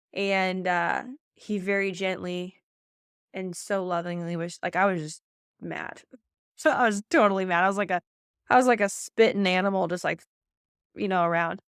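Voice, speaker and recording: A woman's voice: on the low side, a bit bright, clean tone, dry recording, studio quality. A woman, a pageant coach hosting a podcast, talking in an emphatic, motivational way with lots of "like" and repeated phrases. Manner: fast, emphatic, faith-filled coaching with many "like"s and repeats.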